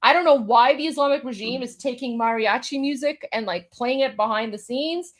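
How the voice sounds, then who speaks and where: A woman's voice: sits high, a little fast. A woman from Iran hosting a live stream, giving sarcastic reaction commentary and constantly talking to her viewers. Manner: sarcastic, mocking, keeps addressing viewers. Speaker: livestream host.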